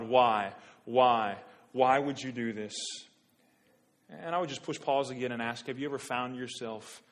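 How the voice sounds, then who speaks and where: A man delivering a sermon in an average-pitched voice. He talks plainly for a while, then climbs into loud, pleading rhetorical questions. Afterward he settles back to a hushed, earnest tone. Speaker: pastor.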